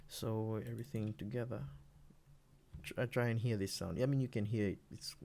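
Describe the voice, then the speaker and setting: A man producing music, walking through his own beat in a relaxed, rambling way, with many fillers and restarts. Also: fairly low pitch, normal speed, creaky, heavy background noise. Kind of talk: casual screen-recorded tutorial.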